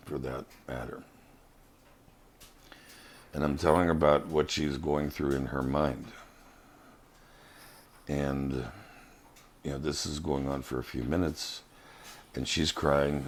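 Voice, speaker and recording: A man giving an earnest, halting personal spiritual testimony as a vlogger. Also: rumbling low, slight background noise.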